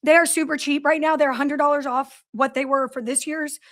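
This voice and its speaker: A woman's voice: high voice, fairly even intonation, a little fast, a bit bright. A woman hosting a casual company livestream from her office, greeting viewers by name and telling stories in a chatty way. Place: office in a large factory building.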